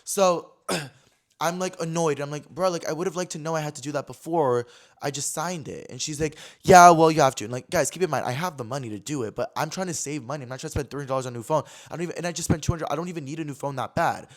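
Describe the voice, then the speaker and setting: A young man hosting a casual talk show, telling a story in an animated way, acting out quotes and swearing freely. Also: fairly high pitch. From California. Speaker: podcast host.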